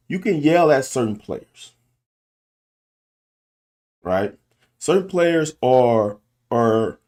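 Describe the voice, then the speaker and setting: A middle-aged football coach and show host, speaking in a higher, slightly mellow voice, gives a candid casual monologue from his car. He restarts and repeats himself to get his point across.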